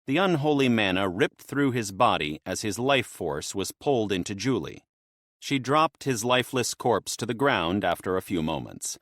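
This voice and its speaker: Low voiced guy reading an audiobook, lots of pitch movement, dry close sound. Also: lively intonation, normal speed, fairly bright tone, dry recording. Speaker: audiobook narrator. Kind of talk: scripted first-person narration.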